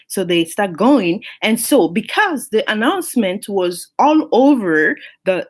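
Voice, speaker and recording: A woman from Africa reviews a book by retelling an old fable, talking it through. Her voice sits a little high and swoops widely as she acts out the characters with sudden jumps in pitch. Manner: animated storytelling, acting out characters with pitch jumps. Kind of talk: retelling a folk tale and reflecting on it.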